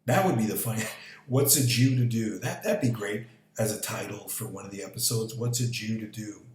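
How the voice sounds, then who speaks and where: A man's voice: fairly low pitch, darkish tone. A man rambling casually in a vlog, swearing freely and chuckling at his own ideas. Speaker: vlogger. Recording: echoey room with faint background noise.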